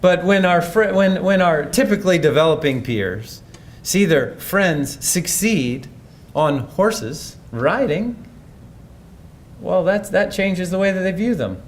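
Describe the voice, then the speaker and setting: A man's voice: sits high, expressive, slow pace, slight background noise. A man giving a conference presentation in a conversational, thoughtful way, often restarting his sentences. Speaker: speaker.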